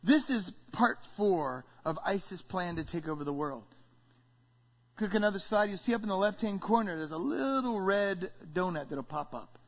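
A man preaching a sermon in an animated way, reading scripture and acting out what people say. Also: high voice, normal speed. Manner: animated, acting out the congregation's complaints. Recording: dull lo-fi recording.

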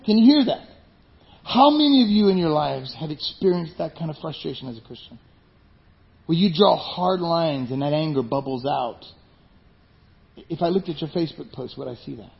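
A man with a high voice preaches a sermon with emphasis and puts rhetorical questions to the congregation. The recording is dull and lo-fi. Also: expressive, moderate pace, vocal fry. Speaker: pastor. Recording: dull lo-fi sound.

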